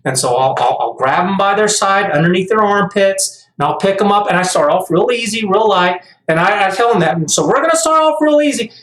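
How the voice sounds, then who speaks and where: Animated and fairly quick, this middle-aged man speaks with a high, fairly bright voice and hardly pauses. In his casual vlog monologue he stumbles over repeated words on restarts and becomes emphatic, ranting, with the room echoing around him.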